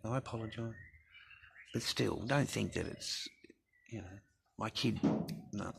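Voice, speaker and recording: Middle-aged bloke for a sweary rant to camera, low gravelly voice, blunt and profane. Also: male voice, unhurried, long pauses, slight background noise. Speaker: vlogger.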